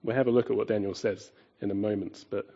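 A man preaching a sermon, emphatic, asking rhetorical questions and swinging between loud and quiet. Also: fairly low pitch, fairly even intonation, fast, breathy edge, highs cut off.

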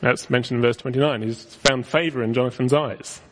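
A man preaching an expository sermon, telling the story with lively emphasis on quoted lines. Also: mid-range voice, brisk. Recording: long hall reverb.

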